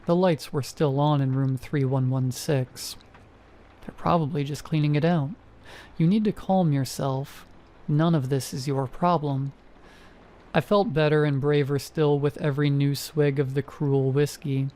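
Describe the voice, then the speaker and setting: Man, horror story narrator, mellow dark tone, slightly high pitch, measured delivery. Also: fairly even intonation.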